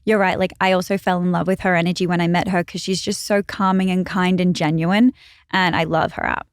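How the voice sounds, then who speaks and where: Podcast guest: young Australian woman, low-pitched, dry studio sound, chatty. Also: little pitch movement, smooth, dry recording. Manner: chatty, storytelling, quick asides. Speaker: guest, brand founder. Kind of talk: casual chat.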